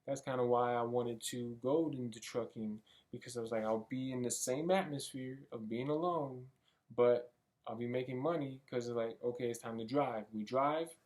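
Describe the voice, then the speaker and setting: A young man talks through his goals in a loose, rambling motivational monologue, as if thinking out loud. His voice sits in an ordinary middle pitch, and his delivery is casual, with the odd swear word. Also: normal speed. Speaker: vlogger. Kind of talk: motivational self-talk monologue.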